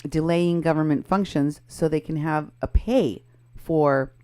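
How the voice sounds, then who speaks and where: A woman's voice: low-pitched, unhurried, warm tone. A woman co-hosting a casual political commentary show. She sounds pointed and critical as she walks through posts and photos. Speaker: co-host.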